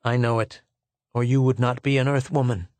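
A man's voice: mid-range voice, fairly even intonation, normal speed, a little mellow, no echo, natural voice. A man reading a stubborn male archaeologist who speaks curtly and defiantly. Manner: curt, defiant.

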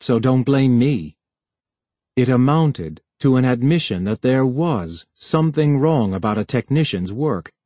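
Brief: male audiobook narrator, measured and even, dry close recording. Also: medium pitch, no room sound.

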